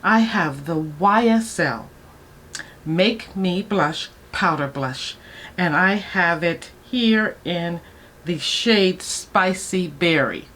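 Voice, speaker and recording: Woman, 60s, beauty vlogger. Unhurried, gushing get-ready-with-me chat, light background hiss. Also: lowish voice. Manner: chatty, excitable, talks to viewers as "guys".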